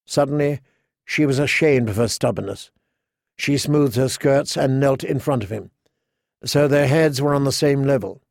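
A man's voice: mid-range voice, moderate pace, creaky, a little mellow, no room sound. Man narrating a fantasy audiobook, dry.

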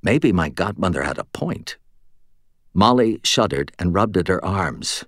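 A man reading a first-person story for an audiobook in a measured, expressive way, close to the mic. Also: deep voice, no room sound. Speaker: audiobook narrator.

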